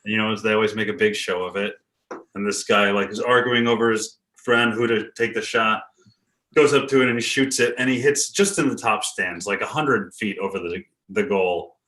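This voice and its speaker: A man's voice: fairly low pitch, moderate pace, pushed and bright, poor audio. Man rambling through a wry anecdote. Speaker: improv performer. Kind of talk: casual storytelling on a video call.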